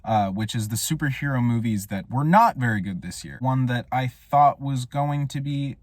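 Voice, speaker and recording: A man giving a casual, rambling film review monologue with wry, deadpan humor. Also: mid-range voice, normal speed, no echo, studio quality. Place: Portland area.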